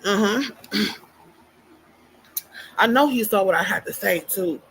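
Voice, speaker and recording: A woman's voice: mid-range voice, a little slow, fairly bright tone, a little hiss or hum, low-quality recording. A woman vlogging casually, out of breath and venting bluntly with profanity. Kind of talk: casual personal vlog.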